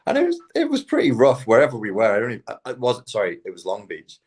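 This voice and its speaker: A man's voice: mid-range voice, fast talker, breathy edge. A man speaking casually as a podcast guest, telling anecdotes, swearing freely and putting on voices for quoted people. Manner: storytelling with animated quoted voices. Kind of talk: casual chat.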